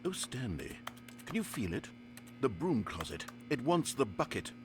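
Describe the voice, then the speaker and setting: A man's voice: mid-range voice, big pitch swings, normal speed, over music, natural voice. An actor playing a wry male game narrator who coaxes and teases the player in a dry, theatrical manner. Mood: earnest. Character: wry male narrator of a game, middle-aged, dryly commanding.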